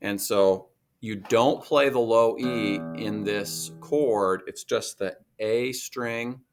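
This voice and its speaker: A man's voice: lowish voice, slow. A man teaching a guitar lesson, patiently explaining finger positions step by step. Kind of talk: recorded music lesson.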